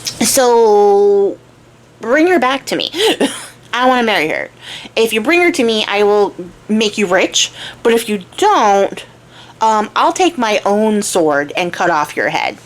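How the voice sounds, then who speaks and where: A woman's voice: medium pitch, very animated, takes it slowly. A woman voicing a bossy, greedy male king who speaks in an offhand, entitled way. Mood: demanding.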